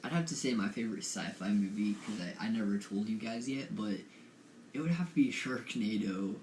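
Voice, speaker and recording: A man's voice: lowish voice, brisk, a little mellow. A young man co-hosting a casual podcast, hesitant and repeating himself, recorded in an echoey room. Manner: hesitant, repeats his words. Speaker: podcast co-host. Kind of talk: casual chat. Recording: echoey room with faint noise.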